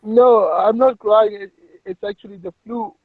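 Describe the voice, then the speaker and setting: A whiny tearful immigrant with a put-on Pakistani accent; very high and gravelly, dry and dull over voice chat. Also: male voice, steady tone, no echo. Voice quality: fake crying voice, shaky. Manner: whimpering, pleading, halting. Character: whiny tearful immigrant man, pleading and nervous. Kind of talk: voice chat prank role-play. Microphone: phone in a voice chat.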